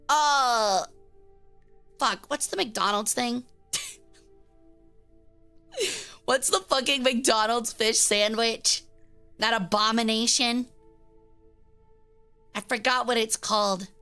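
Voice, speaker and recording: Woman streamer, high bright voice, playful cursing banter, faint music behind. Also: slow pace, long pauses, clear, resonant tone. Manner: playful, profane banter, teasing chat. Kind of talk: casual live-stream chat with viewers.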